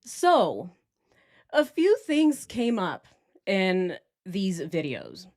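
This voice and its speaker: A woman's voice: medium pitch, wildly swooping pitch, extremely slow, a little mellow, no room sound, studio quality. A woman hosting a casual true crime livestream, rambling off on tangents and now and then putting on mocking voices.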